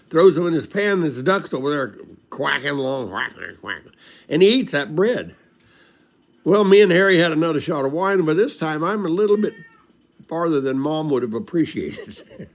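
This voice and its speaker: Older man, folksy storyteller, rambling, chuckles, somewhat high voice, animated pitch. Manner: rambling, folksy, laughs while telling. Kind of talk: casual recorded storytelling.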